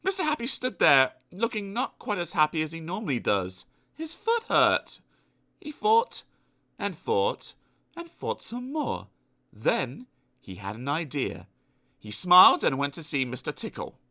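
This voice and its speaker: Brief: male storybook reader, playful and animated, bright forward voice. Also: on the high side, unhurried. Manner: animated, playful asides to the listener. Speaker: audiobook narrator. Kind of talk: children's storybook reading.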